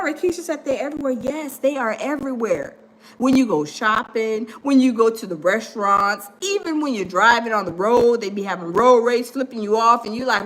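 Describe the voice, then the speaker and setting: A woman hosting a livestream chats casually and animatedly, reading viewers' comments aloud and acting out the people she quotes in different voices. Her voice is a little high, expressive, and a bit bright, at normal speed.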